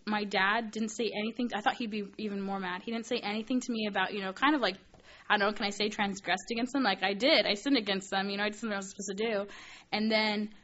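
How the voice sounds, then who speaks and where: A woman's voice: mid-range voice, steady tone, quick pace, a bit bright, lo-fi sound. Chatty young woman teaching a Bible study. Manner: chatty, full of "like" fillers, earnest. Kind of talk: personal story in a teaching talk.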